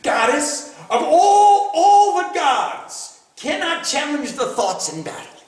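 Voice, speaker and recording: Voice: high-pitched, sing-song, slow, voice pushed up, exaggerated voice. A teacher doing a blustering demon envoy. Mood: pompous. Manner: blustering, mock-shouting. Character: pompous male demon ambassador, threatening. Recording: roomy, from a distance.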